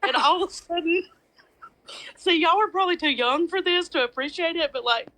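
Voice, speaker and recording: A woman's voice: extremely high pitch, brisk, pushed and bright, poor audio. A woman hosting a casual chat, telling a funny story and often breaking into laughter. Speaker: host.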